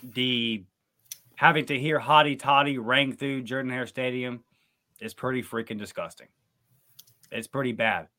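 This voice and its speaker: A man's voice: steady tone, unhurried, long pauses, sharp tone. Fired-up man co-hosting a sports podcast. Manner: fired up, rants with rising pitch and emphasis. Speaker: podcast co-host. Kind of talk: casual sports recap chat.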